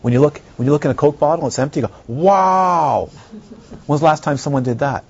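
A male Buddhist teacher gives a lively dharma talk, firing off rhetorical questions. His voice sits at an ordinary middle pitch. The recording is dull and slightly lo-fi, with a faint hiss underneath. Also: very fast. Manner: animated, rhetorical questions, acts out others' reactions.

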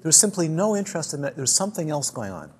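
A man's voice: a little high, big pitch swings, racing, a little mellow, slightly rough. A man who teaches dharma, giving a talk to a group in a chatty storytelling way, often repeating and restarting his words.

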